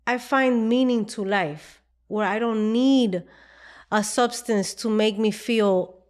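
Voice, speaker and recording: A woman's voice: fairly high pitch, slow, darkish tone. Earnest woman sharing a faith testimony. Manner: earnest, emotional storytelling with quoted dialogue. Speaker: podcast guest. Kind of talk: candid personal testimony.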